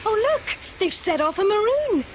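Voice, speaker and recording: Brief: British woman, children's TV presenter, high and animated storytelling voice with faint background noise. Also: moderate pace. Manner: expressive, playful storytelling.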